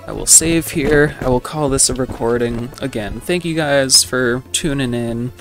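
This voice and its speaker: A man's voice: mid-range voice, a little slow, music in the background. A man casually commenting on a video game as he plays, rambling and self-deprecating with lots of fillers. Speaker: gaming channel host. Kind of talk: casual let's play commentary.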